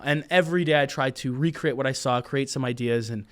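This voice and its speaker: A man in his twenties, a mentalist guest, telling stories in a casual, animated podcast interview that drifts off on tangents. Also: mid-range voice, fairly quick.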